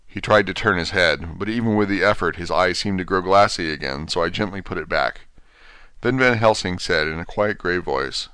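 A man narrating an audiobook in a steady, measured reading. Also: deep voice, smooth, no room sound. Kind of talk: scripted narration.

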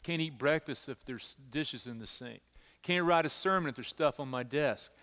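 Animated male pastor in a reverberant hall. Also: medium pitch, normal speed. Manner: animated storytelling, repeats words when emphasizing. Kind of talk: sermon.

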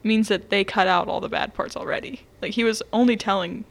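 A woman's voice: mid-range voice, fairly quick. A woman co-hosting a podcast, chatting casually and playfully about a movie, rambling and laughing easily. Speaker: podcast co-host.

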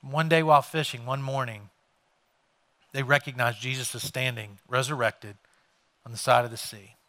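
A man's voice: mid-range voice, fairly even intonation, moderate pace, bright, forceful tone. A male pastor preaching a sermon, retelling a scripture story in conversational everyday words.

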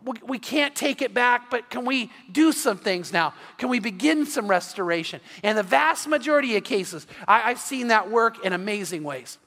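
A man's voice: extremely high pitch, lively intonation, moderate pace, vocal fry, few pauses, sharp tone. A man preaching an evening sermon, telling stories earnestly and often restarting his sentences. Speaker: pastor. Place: church sanctuary. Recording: long reverb of a church hall.

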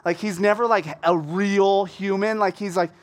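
Lively high-voiced man preaching a sermon. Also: moderate pace. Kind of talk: conversational sermon.

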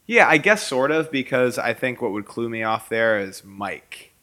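A man's voice: mid-range voice, animated, moderate pace, sharp tone. A man co-hosting a podcast, chatting casually and joking dryly while thinking aloud. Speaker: podcast co-host. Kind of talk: casual chat.

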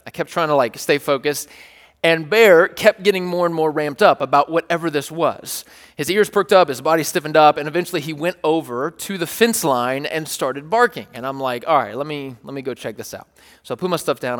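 A pastor with a high, bright voice preaches briskly, telling stories with animation, joking, and checking in with the congregation. The church hall gives his voice a long, ringing reverb tail.

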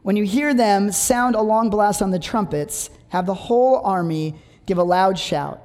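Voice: mid-range voice, unhurried, a little mellow. A preacher giving a sermon, reading scripture aloud and telling humorous stories. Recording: long hall reverb.

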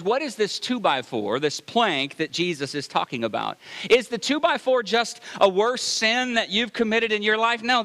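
A man preaching a sermon to a congregation, animated and conversational, asking the crowd questions and mixing humor into his teaching. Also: high-pitched, long reverb tail. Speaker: pastor.

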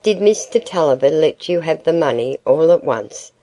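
A woman's voice: deep voice, animated, moderate pace, mellow. A woman reading the part of a fretful, bewildered housewife who frets plaintively about money. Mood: fretful dismay.

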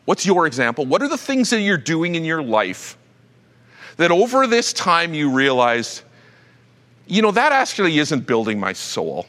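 Animated preaching man in a reverberant hall. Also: a little high, normal speed. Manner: animated, conversational preaching with restarts. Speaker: pastor. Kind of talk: sermon.

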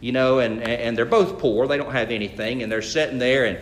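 A man's voice: medium pitch, brisk, a little hiss or hum. A man, the pastor, preaching a sermon in a folksy, conversational way with frequent restarts. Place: church sanctuary. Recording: echoey church sanctuary.

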